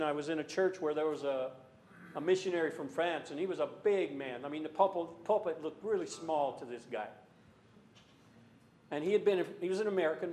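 High-voiced preacher man, echoey church. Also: a little hiss or hum. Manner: earnest, rhetorical questions, rising to loud emphasis. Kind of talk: sermon.

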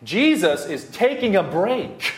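In a high voice, very animated and slow-paced, a man in his thirties gives a verse-by-verse expository sermon. Emphasis, repeated key phrases, and frequent fillers mark his delivery, and the hall gives a roomy echo.

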